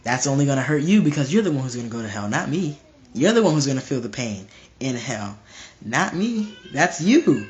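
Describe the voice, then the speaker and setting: A man's voice: medium pitch, very animated, fairly quick, slight background noise. A young man preaching informally to a live stream, emphatic and repetitive, often restarting his phrases.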